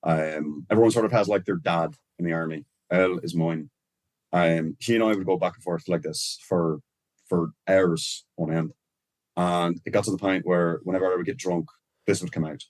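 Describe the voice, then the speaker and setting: Man, Irish accent, very low voice, easygoing podcast guest, dry close sound. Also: fairly even intonation, moderate pace, darkish tone, dry recording. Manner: easygoing, chatty, rambling explanations with fillers. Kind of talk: casual podcast chat.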